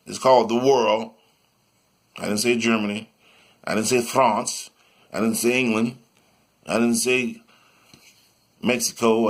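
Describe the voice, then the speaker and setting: Gravelly-voiced man rambling motivational talk. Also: mid-range voice. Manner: rambling and repetitive, sometimes breaks into sing-song chanting.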